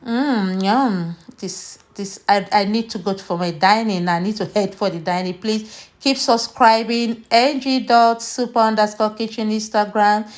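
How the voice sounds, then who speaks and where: A woman from Nigeria hosting a cooking vlog, chatty and unhurried, walking viewers through her dish. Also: mid-range voice, fairly even intonation. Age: adult, mother. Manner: slow, chatty, tastes food on camera and laughs. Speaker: cooking channel host. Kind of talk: casual cooking vlog narration.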